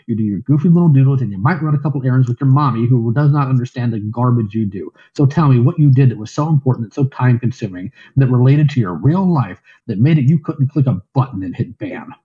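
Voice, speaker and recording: A man's voice: medium pitch, warm tone. Scolding man on a muffled call. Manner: scolding, contemptuous. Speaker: voice call participant. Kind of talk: angry lecture in a voice call.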